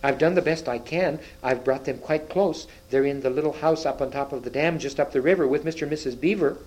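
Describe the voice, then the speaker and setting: A frightened young boy, as a man reading a storybook puts him on, trembling and stammering in quick, raised pleas. The voice lifts above the reader's own. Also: fairly high pitch, a little mellow, voice pushed up, natural voice, rough recording. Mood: nervous. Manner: stammering, hurried pleading.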